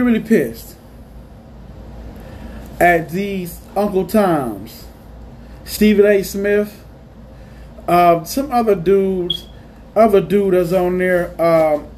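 A man's voice: high voice, darkish tone, a little hiss or hum. A man hosting his own podcast, ranting in a heated, repetitive way and saying "man" again and again. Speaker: podcast host. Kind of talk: ranting monologue.

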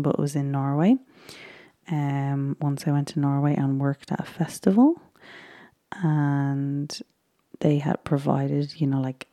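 A young Irish woman with a low, dark, husky voice and a gravelly edge chats loosely through a recap of a baking show. She rambles, often sinking into a soft whisper. Her voice sounds dry and close. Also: no room sound. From Ireland. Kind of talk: casual chat, often whispered.

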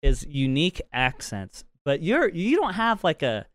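A man's voice: fairly high pitch, very animated, unhurried, fairly bright tone, no echo. A man from Utah with a slight Utah twang, co-hosting a podcast in a hyped, playful way. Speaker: podcast co-host. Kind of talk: casual chat.

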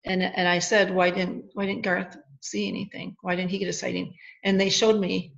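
A middle-aged woman, a guest on an interview, tells her story conversationally and acts out what each person said. Her voice has a gravelly, fry-edged texture. The recording sounds dull and lo-fi. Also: on the low side, moderate pace. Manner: animated retelling with quoted dialogue. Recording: dull lo-fi audio.

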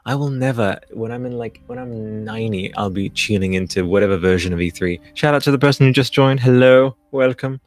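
A man's voice: on the low side, a little fast, hardly any pauses, no room sound. A man in his thirties hosting a live stream, chatting casually in a loose, profane, hyped-up way. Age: 30s. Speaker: podcast host.

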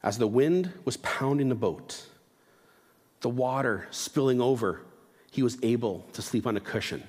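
A man preaching a sermon in a relaxed, conversational manner, dropping his voice low and slow to stress key points. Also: breathy edge, big-room sound. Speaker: pastor.

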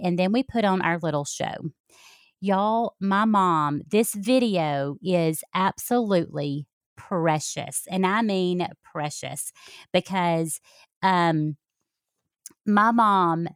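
A woman's voice: on the low side, no echo, clean studio sound. A middle-aged woman, a health coach talking to her listeners in a folksy, heartfelt way. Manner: warm, folksy, talks straight to listeners. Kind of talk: heartfelt personal talk.

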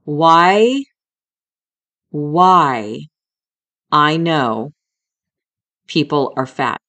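A woman's voice: deep voice, lively intonation, extremely slow, a bit bright. A middle-aged woman hosting a podcast, telling a personal story in a candid, emotional way, with some swearing and talking straight to the listener as a friend. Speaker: podcast host.

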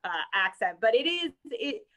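A woman co-hosting a casual podcast, reading out topics and chatting in an animated, joking way. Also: fairly high pitch, moderate pace. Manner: animated and joking, mimicking others. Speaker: co-host reading the news topics.

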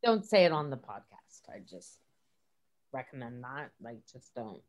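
A woman's voice: extremely low pitch, sing-song, a little slow, a little mellow. A woman hosting a casual podcast chat, teasing and playful as she coaches a friend on a dating profile.

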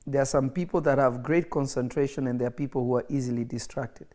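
A man's voice: mid-range voice, quick pace, darkish tone. Emphatic preacher man, repeating phrases. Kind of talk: livestreamed sermon.

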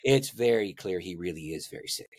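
An older man, a pastor, telling a personal story in an interview and acting out the voices in it with big swings in pitch. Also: expressive, fairly quick, darkish tone, no room sound. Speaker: pastor and guest.

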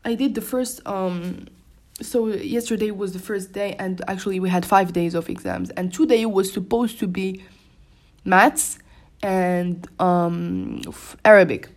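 A woman's voice: medium pitch, steady tone, unhurried. A young woman whose first language is French, hosting a casual solo podcast from her room at home, rambling with frequent restarts and fillers. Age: young adult. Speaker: podcast host.

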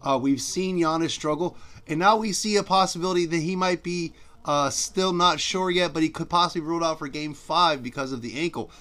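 A man's voice: fairly high pitch, brisk, fairly bright tone. A man co-hosting a sports podcast in casual, playful chat, often talking up his partner. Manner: playful, talks up his co-host.

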